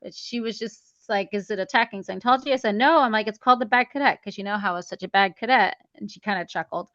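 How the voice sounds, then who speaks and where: A woman talks through her own story on an interview podcast, slipping into the voices of the people she quotes. Her voice is bright and forceful. The recording is dry and a little dull, with a lo-fi edge. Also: mid-range voice, quick pace, dry recording. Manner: chatty, acts out quoted dialogue, many "like"s. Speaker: guest, memoir author.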